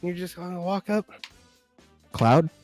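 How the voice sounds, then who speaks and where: A man's voice: medium pitch, moderate pace, soft background music. A man co-hosting a casual gaming podcast, retelling scenes with lots of laughter and swearing. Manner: animated storyteller, laughs often, swears freely. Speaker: podcast co-host.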